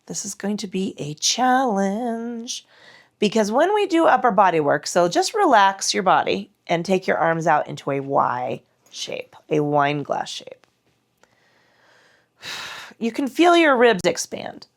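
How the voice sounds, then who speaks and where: Leading a mat Pilates session while performing the moves, an instructor guides breathing and form, her breath a bit strained as her muscles work. She speaks in a mid-range, sing-song voice without hurrying.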